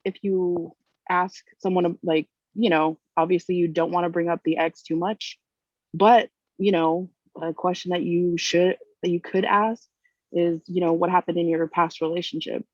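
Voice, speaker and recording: A woman's voice: on the low side, fairly even intonation, normal speed. A woman guest speaking bluntly, her thoughts winding through filler words. The sound is dull and lo-fi, and dry with no room echo. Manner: rambling, frank, full of "like" and "you know". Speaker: podcast guest. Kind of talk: casual chat. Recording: muffled lo-fi sound.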